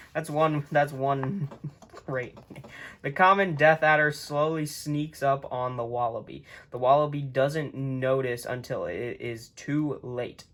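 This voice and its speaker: A man's voice: mid-range voice, pushed and bright. A young man casually narrating imagined animal fights, playful and prone to laughing at his own slips. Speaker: channel host. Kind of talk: casual narration of a book-based animal tournament.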